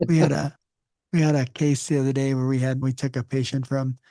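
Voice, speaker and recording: A male podcast host in a casual interview, telling relaxed stories with jokes. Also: medium pitch, brisk, no echo, clean studio sound. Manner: relaxed storyteller who jokes.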